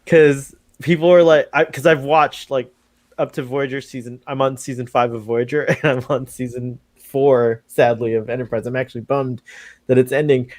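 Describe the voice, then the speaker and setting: A man's voice: medium pitch, fairly even intonation, normal speed, dry recording. A chatty, upbeat man co-hosting a casual live stream. He laughs often and keeps the talk easy. His voice sits in a middle register and sounds close and dry. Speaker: podcast co-host.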